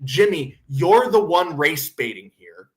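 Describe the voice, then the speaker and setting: A man's voice: a little high, expressive, slow. A man hosting a commentary stream, ranting sarcastically and mocking others in put-on quotes. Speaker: podcast host.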